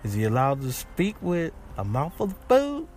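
A man's voice: on the high side, huge pitch swings, moderate pace, darkish tone, a little hiss or hum. A man hosting a casual podcast, chatting in a rambling way with many restarts. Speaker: podcast host. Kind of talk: casual chat.

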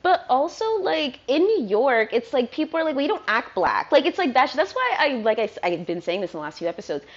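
A woman's voice: high-pitched, big pitch swings, brisk, hardly any pauses, highs cut off. Ranting, sweary woman from Virginia. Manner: swears a lot, loose and ranting. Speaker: podcast host. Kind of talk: casual rambling monologue. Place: apartment.

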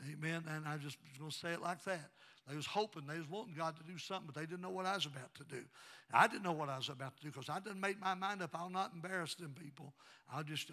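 A pastor in his sixties delivers a storytelling sermon in a somewhat high, ringing voice. He drops to a low, confiding tone for his stories, then bursts into loud, shouted praise. His voice stays bright and forceful throughout. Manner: storytelling preacher, swings from quiet narration to shouted praise. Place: church sanctuary.

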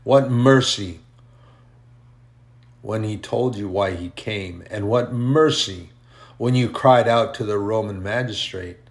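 A man voicing a booming, stern God on his throne. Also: slow. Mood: stern, accusing. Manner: accusing, rhetorical questions.

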